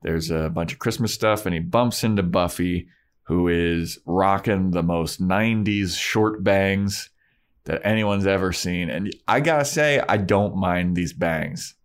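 A man co-hosting a laid-back podcast, talking in a low voice as he recaps a TV episode. He is loose and jokey, swears now and then, and slips into silly character voices. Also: measured pace. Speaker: podcast co-host. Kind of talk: casual chat recapping a TV episode.

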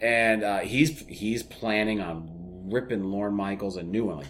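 A man co-hosting a podcast, telling stories in a casual, animated way with quick asides. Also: on the low side, a little hiss or hum. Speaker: podcast co-host. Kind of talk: casual chat.

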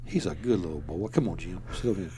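A man voicing a drunk older Southern governor who boasts slowly and stumbles over his words. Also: sits low, lively intonation, mellow, slight background noise, voice pushed down. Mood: rambling. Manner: slow, slurred, stumbling speech.

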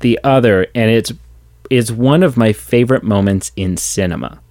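Low-pitched man, enthusiastic podcast co-host, dry close mic. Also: normal speed, darkish tone, no echo. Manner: enthusiastic, gushing, acts out lines. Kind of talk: casual movie discussion.

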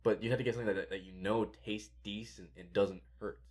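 A man's voice: on the low side, fairly even intonation, fairly quick, darkish tone. A man hosting a casual podcast chat, telling rambling stories and laughing often.

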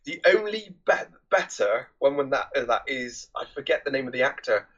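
A man with a husky, slightly breathy voice rambles through a casual film chat, often stopping to search for names and dropping casual swears. His audio sounds dull and muffled, as if it came over a lo-fi remote link. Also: mid-range voice, big pitch swings, moderate pace, a bit bright. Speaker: podcast co-host. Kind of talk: casual movie review chat.

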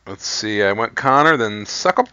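A man's voice: lowish voice, lively intonation, moderate pace, pushed and bright, smooth, no echo. A man co-hosting a fantasy football podcast, chatting casually and upbeat while announcing his draft picks. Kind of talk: casual chat during a live draft. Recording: dry, dull lo-fi recording.

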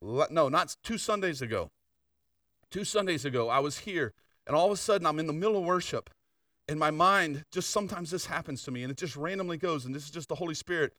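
Older man, pastor, chatty preaching, higher voice, dry distant sound. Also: quick pace, sharp tone, no room sound. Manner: conversational storytelling with asides. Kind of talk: sermon.

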